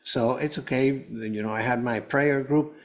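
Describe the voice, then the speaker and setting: An earnest man tells a personal story as a guest, his voice sitting at an everyday middle pitch. He wanders through the telling and keeps backing up to restart his sentences. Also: fairly even intonation, moderate pace. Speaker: guest, cancer survivor. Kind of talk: personal testimony told to a host.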